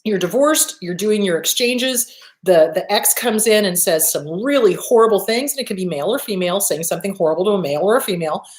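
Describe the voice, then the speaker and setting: A woman's voice: mid-range voice, lively intonation, fast talker. Blunt, emphatic woman in a roomy space. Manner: blunt, emphatic, swears casually. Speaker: host answering viewer questions. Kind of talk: live advice talk with Q&A. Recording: roomy echo.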